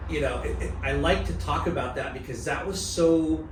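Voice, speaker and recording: A man's voice: fairly high pitch, moderate pace. A man co-hosting a podcast, easygoing and casual, dropping swear words as he chats. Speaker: podcast co-host. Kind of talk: casual chat. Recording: roomy echo, distant mic, steady noise.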